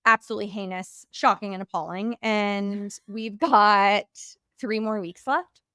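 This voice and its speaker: A woman's voice: mid-range voice, fairly even intonation, unhurried, a bit bright, clean tone, no room sound, clean studio sound. A young woman hosting a podcast, chatting casually in a bubbly, gushing way and saying "like" often. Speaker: podcast host.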